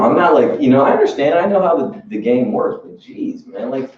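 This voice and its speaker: Male sales trainer, animated storyteller, higher voice, muffled distant room recording. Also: normal speed, few pauses, very echoey, a little hiss or hum. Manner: animated storyteller acting out bosses, laughing, street-talk swearing. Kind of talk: motivational training talk.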